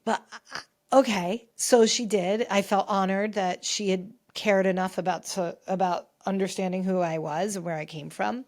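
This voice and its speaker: A woman hosting a pop culture podcast, telling a personal story in a chatty, animated way with many restarts. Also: medium pitch, moderate pace. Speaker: podcast host. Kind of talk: casual chat.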